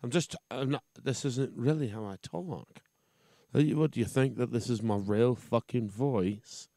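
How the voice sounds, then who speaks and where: A man's voice: medium pitch, moderate pace, dark tone, no echo, studio quality. A man, an aspiring voice actor, speaking as an exasperated guest in a comedic radio bit. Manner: exasperated, swearing.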